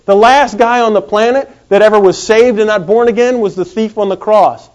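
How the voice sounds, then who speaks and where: A man preaching a sermon in a folksy, animated way. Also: high-pitched. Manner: folksy, animated, acts out quick comic voices. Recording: dull lo-fi recording.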